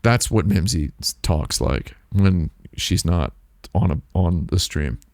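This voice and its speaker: In a low, slightly mellow voice, a man hosting a stream talks slowly but with animation, his mouth on a close dynamic mic. His chat is loose, playful, and full of jokes. The recording is dry and studio quality.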